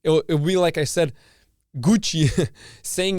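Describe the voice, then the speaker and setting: A man from Canada hosts a podcast as a casual, profane rant, often repeating and restarting his phrases. His voice sits a little high and sounds smooth and clear. The recording is dry and close. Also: slow pace, pauses often, darkish tone, dry recording. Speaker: podcast host. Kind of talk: casual opinion monologue.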